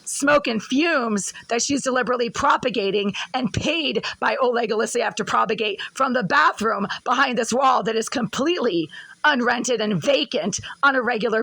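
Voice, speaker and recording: A woman with a husky, smoker-like voice filming herself in her apartment kitchen, delivering an agitated, accusatory rant. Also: a little high, a bit bright, no room sound, low-quality recording. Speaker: vlogger. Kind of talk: angry complaint vlog.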